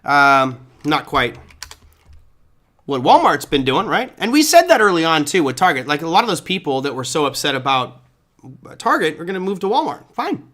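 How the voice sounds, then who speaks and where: A man's voice: on the high side, sing-song, normal speed, fairly bright tone. A man hosting a live trading show, casually talking through charts and answering viewer chat. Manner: casual, chatty, thinks aloud with fillers. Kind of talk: live market commentary, reading viewer chat.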